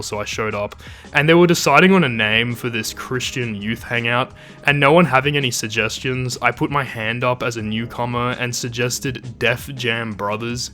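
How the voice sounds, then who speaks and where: A man narrates a scripted documentary in a mid-range voice. He tells the story with wry humour and animated personal asides. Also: medium pitch.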